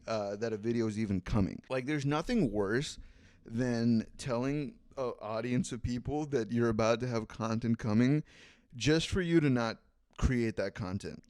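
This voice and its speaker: A man's voice: medium pitch, darkish tone, dry recording. Solo podcast host, man in his twenties: casual rambling monologue, clean resonant tone, dry booth sound. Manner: rambling, thinking aloud, swears freely. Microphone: studio microphone.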